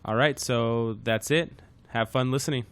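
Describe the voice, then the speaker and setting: A man hosting a podcast with a hoarse, worn-out voice, chatting casually with many fillers. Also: mid-range voice, measured pace, dry recording. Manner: rambling, frequent fillers. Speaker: podcast host.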